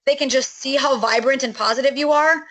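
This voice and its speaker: Chatty middle-aged woman selling a home business, high bright voice, lots of ums and restarts. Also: fairly quick, low-quality recording. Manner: enthusiastic, chatty, many fillers and restarts. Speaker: network marketing recruiter. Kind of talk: sales pitch on a call.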